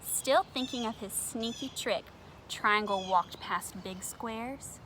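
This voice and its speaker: A woman reading a picture book aloud to children at home, gentle and expressive, talking straight to her young viewers. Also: fairly high pitch, slow, background noise.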